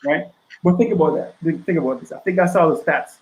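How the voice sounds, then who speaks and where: A man's voice: on the high side, quick pace, reverberant, rough recording. A man, an author and interview guest, talking in a casual podcast interview, making his points emphatically with rhetorical questions and a repeated "right?".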